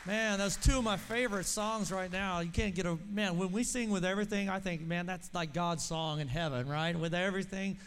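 A man's voice: sits high, brisk, hardly any pauses, fairly bright tone, a little hiss or hum. A pastor from Oklahoma, a man leading a church service with enthusiasm and saying "man" often. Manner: enthusiastic, says "man" a lot. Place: church sanctuary in Texas. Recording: long reverb of a large church.

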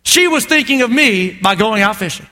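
Male pastor, high bright tone, lively joking sermon delivery. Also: moderate pace. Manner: animated, joking, calls for amens. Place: church auditorium with congregation.

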